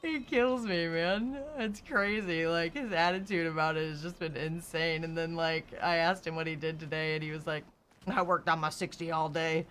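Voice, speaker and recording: A woman's voice: low-pitched, fairly even intonation, moderate pace, fairly bright tone, a little hiss or hum. A woman streamer chatting casually, telling car stories and laughing often. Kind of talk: casual chat.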